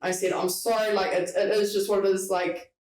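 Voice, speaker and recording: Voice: mid-range voice, level tone, brisk, a little mellow. Chatty New storyteller, roomy distant sound. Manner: chatty, swears freely, acts out quoted dialogue. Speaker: podcast host, tradesperson telling a story. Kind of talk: casual storytelling chat.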